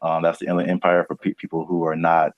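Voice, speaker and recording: Deep-voiced laid-back podcast host. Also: male voice, completely flat delivery, fast, dry recording, highs cut off. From California. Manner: playful, laughs often, loose rambling. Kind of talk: casual podcast chat.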